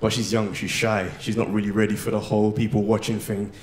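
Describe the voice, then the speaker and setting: A young man doing a slangy, animated stand-up comedy set. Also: on the low side, quick pace, a little hiss or hum. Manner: animated, slangy, swings into loud shouted bits. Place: live comedy venue with audience.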